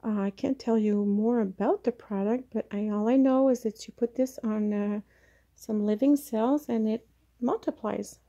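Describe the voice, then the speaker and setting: Her voice fairly high and mellow, this woman moves at a moderate pace through a casual plant propagation demo. She chats, hesitates now and then, and keeps her hands busy, all captured very close up on a camera mic.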